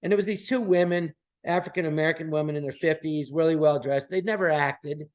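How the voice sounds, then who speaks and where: A man's voice: fairly high pitch, brisk. A man in his sixties, a podcast guest, telling anecdotes casually and acting out the people he quotes. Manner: animated, acts out quoted voices.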